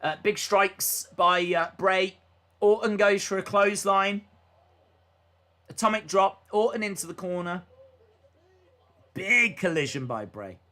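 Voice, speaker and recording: A young man hosts a wrestling watch-along stream, calling the action live and reading viewer chat in a casual manner, frequently filling gaps with "uh." His high voice is expressive, bright, and forceful, and he speaks unhurriedly with long pauses.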